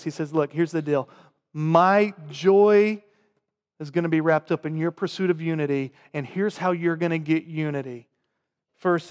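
A man with a Southern US accent, preaching a sermon to his congregation and swinging between loud emphatic lines and quiet, low asides. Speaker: pastor. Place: church sanctuary. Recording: long hall reverb.

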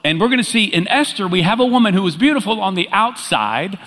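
Bright-voiced male pastor preaching. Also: high voice, fast. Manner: animated, conversational preaching. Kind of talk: sermon. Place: church sanctuary. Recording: reverberant church hall.

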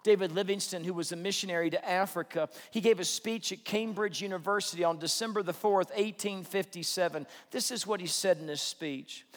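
A pastor with a notably high voice delivers a sermon, swinging between fervent, ringing exhortation and hushed prayer. His words carry a long reverb from a church hall. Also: a little fast, few pauses. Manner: impassioned preaching that drops to a soft prayer. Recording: echoey hall.

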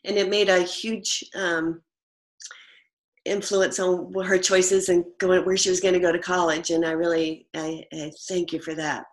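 A woman's voice: fairly low pitch, level tone, a little slow. A woman from a church community giving a grateful farewell message over a video call, on the verge of tears. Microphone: video call mic.

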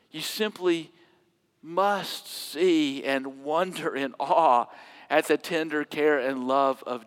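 High-voiced man preaching in a reverberant hall. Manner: swings from loud emphatic quoting to hushed near-whispers. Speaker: pastor. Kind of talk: sermon.

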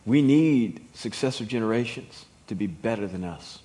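A man in his fifties preaching a sermon in an emphatic, folksy way that rises to shouts. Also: lowish voice, lively intonation, moderate pace, a little hiss or hum. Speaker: pastor.

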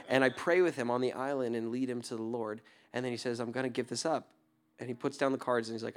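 A young adult man, a pastor, telling a story in a sermon, laughing often and dropping to a hushed tone for tender moments. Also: medium pitch, fairly even intonation, fast talker.

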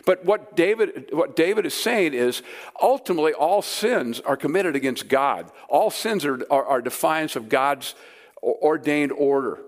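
A man's voice: fairly high pitch, expressive, moderate pace. A man preaching a sermon to a live audience in a room, conversational and emphatic. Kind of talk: sermon teaching.

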